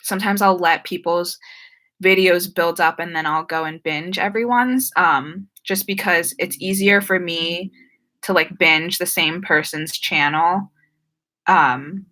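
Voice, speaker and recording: A young YouTuber with a New Jersey and Philadelphia accent hosts a live stream Q&A, talking casually and unhurriedly. Her slightly low voice sounds bright and sharp, and she fills sentences with "like" and "um," sometimes tripping over her words.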